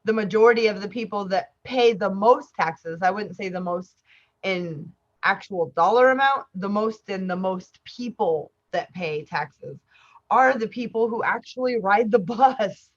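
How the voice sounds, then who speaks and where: A woman's voice: mid-range voice, measured pace, highs cut off. A woman co-hosting a casual podcast, telling a rambling, conversational story. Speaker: podcast co-host.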